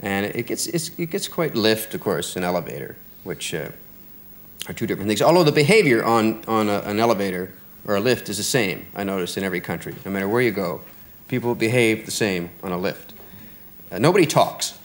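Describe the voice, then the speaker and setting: A man's voice: lowish voice, lively intonation, fairly quick. A middle-aged American man, a comedian guest, telling rambling wry anecdotes with hesitations on a talk show. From United States. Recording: noisy broadcast with studio audience.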